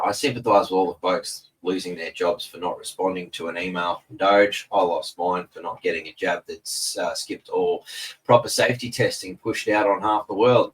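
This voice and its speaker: A deep, slightly bright male voice, captured roughly by a camera mic set back from him. He's an Australian hosting a casual live stream at home in front of a TV, rambling, laid-back and swearing freely.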